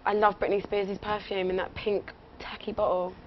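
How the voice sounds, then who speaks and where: A woman's voice: mid-range voice, level tone, normal speed. A young English woman chatting casually as an interview guest, rambling and giggly, with lots of fillers. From England. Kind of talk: casual radio interview chat. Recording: muffled lo-fi audio with faint noise.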